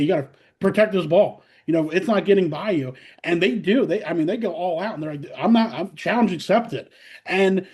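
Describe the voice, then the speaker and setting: A middle-aged man, a college softball head coach, talking casually in an interview and acting out his players' voices as he tells stories. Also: fairly high pitch. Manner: animated storyteller, acts out players' voices, many fillers.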